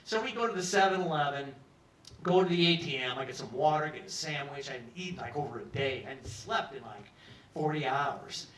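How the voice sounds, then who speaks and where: A man's voice: a little high, fairly quick, fairly bright tone, slight background noise. Rambling male storyteller in a pub. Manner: rambling, conversational, acts out quotes. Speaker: storyteller at an open mic. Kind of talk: live comic storytelling. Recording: roomy live pub sound from a distance.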